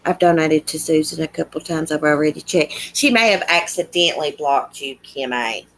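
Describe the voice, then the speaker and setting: A woman with a low-sitting voice and a Southern US accent runs a livestream, chatting casually at a moderate pace. She replies to comments with a chatty, countrified drawl.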